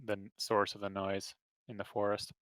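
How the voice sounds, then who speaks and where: Bright-voiced man playing a tabletop game. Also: lowish voice, completely flat delivery, normal speed, clear, resonant tone, no room sound. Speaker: player. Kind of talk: tabletop game play over voice chat.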